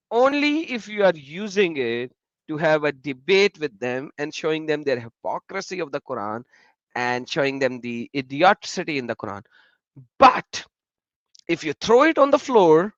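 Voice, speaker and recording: A man's voice: fairly high pitch, moderate pace, no room sound, muffled recording. A man hosting a live stream in casual chat, telling stories animatedly and talking to viewers in the chat. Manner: animated, laughing storyteller who addresses chat viewers.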